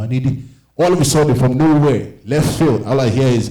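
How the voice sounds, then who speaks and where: A man's voice: medium pitch, quick pace. A man doing a stand-up set, telling stories with lots of animation and acting out the voices of the people in them. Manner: animated storytelling, acts out quoted voices. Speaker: stand-up comedian and wedding MC. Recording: echoey room.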